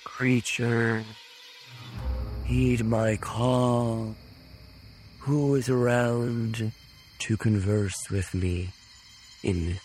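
A man voicing a young wizard character in a tabletop game, speaking slowly and formally. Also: medium pitch, steady tone, darkish tone, soft background music, pitched above the performer's own voice. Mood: commanding. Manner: slow, formal, commanding. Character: solemn young male wizard speaking to animals.

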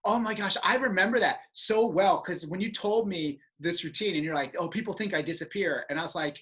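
A man's voice: sits high, brisk, fairly bright tone, poor audio. A man animatedly recalling a comic stage routine, often laughing. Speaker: former stage partner, performer. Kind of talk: casual reminiscing chat.

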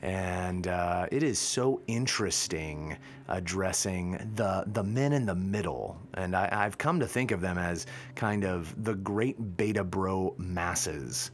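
Deep-voiced guy rambling on his podcast, jokey and wry. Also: slow. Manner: wry, joking, self-mocking. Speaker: podcast host. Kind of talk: casual monologue.

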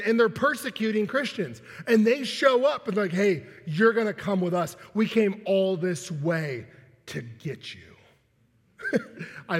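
A man with a high, slightly husky voice preaches a sermon in a loose, joking way and pokes fun at himself. His voice rings out with a long reverb, as if in a large hall. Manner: conversational and joking, with self-deprecating asides and chuckles. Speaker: pastor.

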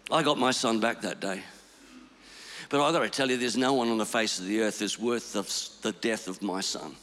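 A man preaching a storytelling sermon, swinging between hushed lines and shouted ones. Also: mid-range voice, brisk, long reverb tail.

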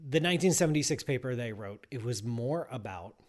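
A man's voice: medium pitch, brisk. Rambling, teasing male podcast host. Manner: rambling, teasing, animated asides. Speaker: podcast host answering listener questions. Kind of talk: casual chat.

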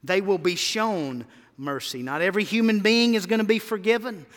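A man's voice: sits high, moderate pace, fairly bright tone. A male pastor preaching a sermon, emphatic and calling for the congregation to answer back. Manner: emphatic, calls for congregation responses. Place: church sanctuary. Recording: long hall reverb.

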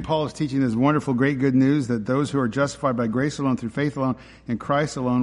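A man's voice: medium pitch, a little mellow. A man preaching a sermon in an emphatic, conversational way, often asking his listeners rhetorical questions. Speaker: pastor. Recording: long hall reverb.

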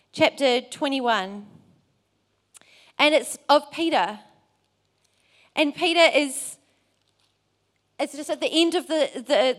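A woman's voice: high-pitched, a bit bright. A woman preaching a sermon, telling a Bible story earnestly. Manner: earnest, storytelling with acted quotes.

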